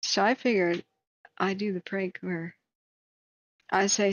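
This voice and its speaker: Woman streamer, casual storyteller, rambles and mocks herself; middling pitch, slightly muffled audio. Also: fairly even intonation, takes it slowly, pauses often, dry recording. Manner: rambling, self-deprecating, many fillers. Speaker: live stream host.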